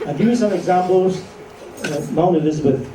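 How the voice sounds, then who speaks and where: A man's voice: high-pitched, brisk, warm tone. A man giving a chatty medical lecture to doctors, joking and asking rhetorical questions. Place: lecture hall. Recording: echoey hall from far off, faint noise.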